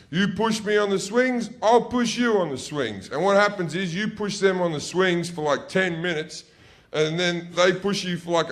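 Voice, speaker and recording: Profane stand-up comic. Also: male voice, fairly high pitch, fairly bright tone. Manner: profane, rambling anecdotes with self-corrections. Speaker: stand-up comedian. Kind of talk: stand-up comedy storytelling.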